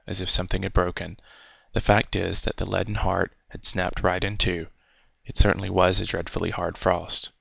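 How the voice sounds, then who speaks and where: A man reading a fairy tale aloud as a storyteller, in a measured, unhurried way. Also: low voice, gravelly, fairly bright tone, dry recording. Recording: dry, dull lo-fi recording.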